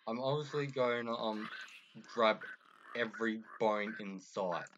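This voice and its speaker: A man's voice: fairly low pitch, unhurried, fairly bright tone, dull audio, a little hiss or hum. A young Australian man giving rambling, self-mocking commentary while playing a video game. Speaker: gaming video creator. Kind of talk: casual gameplay commentary.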